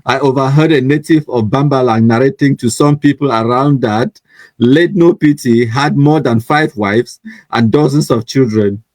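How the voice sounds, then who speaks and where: A man's voice: medium pitch, moderate pace, a little mellow, no room sound. Chatty Cameroonian man reading viewer comments. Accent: Cameroonian English with Pidgin. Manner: chatty and teasing, laughs often, reads viewer comments aloud. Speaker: online news show host. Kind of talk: casual live-stream comment reading.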